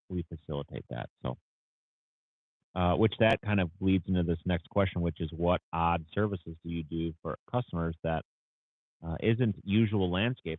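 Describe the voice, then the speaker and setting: A man's voice: low voice, no echo. A man who runs a landscaping business, talking casually on a livestream, tired and yawning, rambling with lots of fillers. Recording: tinny phone-like audio.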